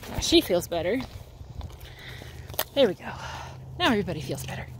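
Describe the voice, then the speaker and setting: A woman's voice: on the low side, big pitch swings, a little fast. A woman vlogging casually while walking her dog outdoors, rambling along with plenty of "like" fillers. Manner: chatty and rambling, many "like" fillers. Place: outdoors at sunrise. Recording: outdoor ambience with noticeable background noise.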